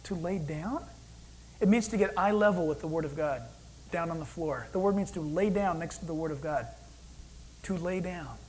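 A man preaching a sermon as pastor, animated, acting out God's voice in quoted asides. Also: on the high side, normal speed, slight background noise, low-quality recording.

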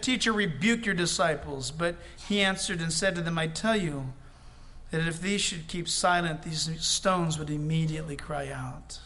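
Male preacher, high-pitched voice, impassioned sermon, chatty asides to the congregation. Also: moderate pace, bright, forceful tone.

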